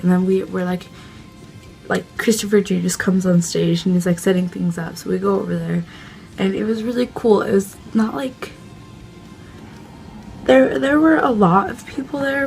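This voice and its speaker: A young woman vlogger excitedly telling a casual story, gushing and full of fillers. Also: lowish voice, normal speed, creaky, faint music behind.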